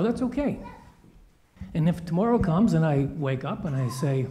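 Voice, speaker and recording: A man's voice: fairly high pitch, moderate pace. Playful man telling a children's story. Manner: playful, animated storytelling with voiced quotes. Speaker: children's story speaker at church. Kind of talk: children's story in a church service.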